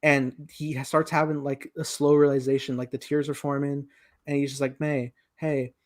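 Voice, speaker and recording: A man's voice: medium pitch, level tone, moderate pace. A young man co-hosting a casual film review podcast, animatedly retelling scenes and acting out quoted lines. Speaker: podcast co-host.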